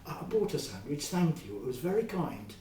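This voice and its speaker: A man's voice: a little high, very animated, brisk, warm tone, far from the mic. A man voicing a timid, stammering man who apologizes, heard in a roomy space. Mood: nervous. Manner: stammering, nervous.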